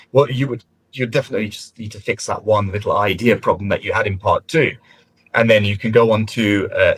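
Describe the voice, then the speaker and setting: Husky low-voiced male examiner. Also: a bit bright, no room sound, low-quality recording. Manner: encouraging, conversational, frequent fillers and restarts. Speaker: IELTS speaking examiner giving feedback. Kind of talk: spoken feedback after a mock test.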